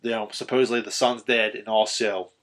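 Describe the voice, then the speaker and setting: A man on a podcast excitedly retelling a horror film's ending in casual, profanity-laced chat, full of ums and restarts. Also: lowish voice, fairly quick. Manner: animated retelling, swearing, filler-heavy. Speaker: podcast host. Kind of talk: casual film recap chat.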